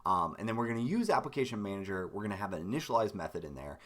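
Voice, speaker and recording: A man with a raspy, hoarse voice and lower energy than usual, thinking aloud as he codes through a live stream tutorial, with many ums and restarts. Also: very animated, rapid-fire, a bit bright. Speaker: game dev streamer.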